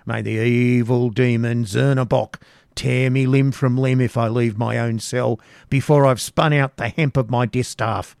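A man's voice: mid-range voice, fairly even intonation, unhurried, creaky, a little mellow, no echo, clean studio sound. A man voicing a spiteful, bitter old woman who mutters with scorn in a storybook reading. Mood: grumbling.

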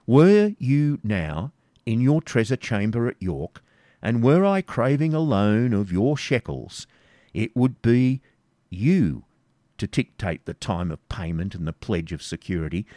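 A man's voice: on the low side, a little mellow, no room sound, studio quality. Man playing a stern, mocking medieval baron. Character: cruel, sarcastic medieval male baron.

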